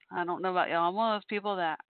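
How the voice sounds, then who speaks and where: A woman's voice: on the low side, fairly even intonation, fast talker, clean tone, dry recording. A woman hosting a live call-in podcast, chatting casually and wandering between topics, tired and yawning. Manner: chatty, meandering, tired with yawns. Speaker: podcast host. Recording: thin phone-like dry sound.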